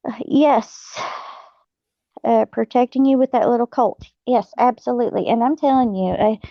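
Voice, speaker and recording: A woman's voice: fairly high pitch, normal speed, gravelly, dry recording. A middle-aged woman, hosting a casual chat and telling folksy stories with frequent laughs and fillers. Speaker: host. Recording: dull lo-fi sound.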